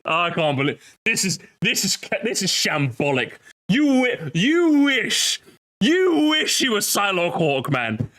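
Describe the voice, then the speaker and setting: Excitable high-voiced young man reacting. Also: takes it slowly. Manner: excitable, mocking, laughs often, swears. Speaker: streamer reacting to videos. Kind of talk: animated reaction commentary.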